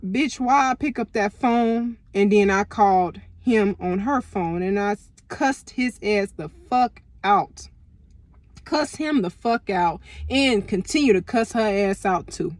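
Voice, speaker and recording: A young woman casually telling a personal story to camera, animated and full of profanity and slang. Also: medium pitch, slow, dry recording. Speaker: storytime vlogger.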